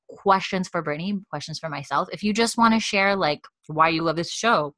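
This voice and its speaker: A woman's voice: deep voice, normal speed, few pauses, a bit bright, no echo. A woman co-hosting a casual podcast, chatty and rambling, laughing often, from Canada. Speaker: podcast co-host.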